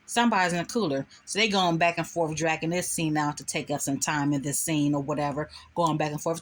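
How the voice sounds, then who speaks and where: A woman giving casual spoken commentary on a show episode, retelling scenes and acting out the lines of the characters in quick quoted bits. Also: low-pitched, fairly even intonation, fairly bright tone. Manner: chatty, recounts scenes with quoted voices.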